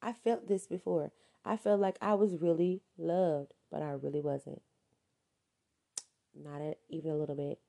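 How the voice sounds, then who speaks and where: A woman's voice: low voice, fairly even intonation, moderate pace, vocal fry, dark tone. A woman giving a casual advice monologue, emphatic and repeating her points for stress.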